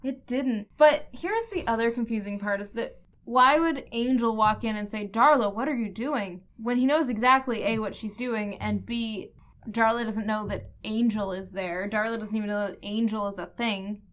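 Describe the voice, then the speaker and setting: A woman's voice: fairly high pitch, moderate pace, fairly bright tone. A woman co-hosting a podcast, chatting casually and questioning the plot with a puzzled tone. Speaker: podcast co-host. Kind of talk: casual comic recap chat.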